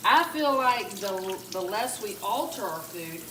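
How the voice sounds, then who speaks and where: A woman's voice: mid-range voice, lively intonation, unhurried. A woman chatting casually as she demonstrates a recipe in her home kitchen, rambling with plenty of fillers and asides. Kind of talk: casual cooking demo. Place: home kitchen with running water. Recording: echoey room, mic at a distance, loud background noise.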